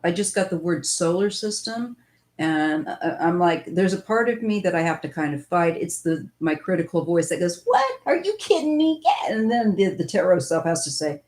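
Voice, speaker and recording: A woman's voice: fairly low pitch, normal speed, darkish tone. A woman giving a casual live-stream tarot reading, musing and thinking aloud as she goes. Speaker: tarot reader.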